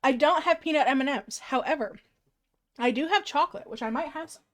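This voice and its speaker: High-voiced chatty woman streamer. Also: fairly quick. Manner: chatty, self-mocking, casual swearing. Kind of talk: casual livestream chat.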